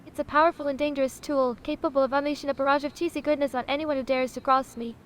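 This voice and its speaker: A woman's voice: sits high, steady tone, fast, slight background noise, natural voice. A woman voicing a haughty AI sausage. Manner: haughty, dramatic, condescending, says honey a lot. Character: sassy self-important female AI chatbot sausage.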